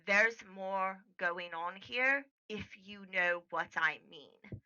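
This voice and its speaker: A woman voicing a cautious male hospital doctor in a tabletop game, who speaks in a hushed, grave way. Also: mid-range voice, slow, smooth, lo-fi sound, heavily acted.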